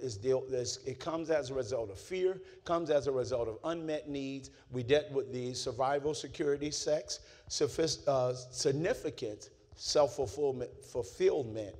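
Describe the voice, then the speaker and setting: A pastor preaches a sermon, drawing the congregation into call-and-response as he swings from low, quiet talk to shouting.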